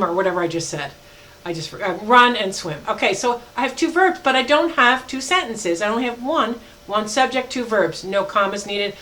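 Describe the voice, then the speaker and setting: A woman's voice: medium pitch, fairly bright tone, low-quality recording. A woman professor lecturing her class in an emphatic, teacherly way. She drags out her examples word by word and stops to fix her own slips, with an um here and there. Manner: emphatic, slows down to spell out examples; self-correcting, with fillers. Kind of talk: recorded lecture.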